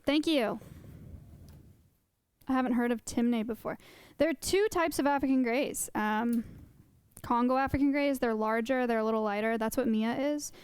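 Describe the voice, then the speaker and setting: A woman's voice: fairly high pitch, normal speed, darkish tone, clean tone, no echo. A young woman live-streaming, chatting casually with her viewers in a rambling way. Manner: chatty, rambling, laughs often. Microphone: close desk mic.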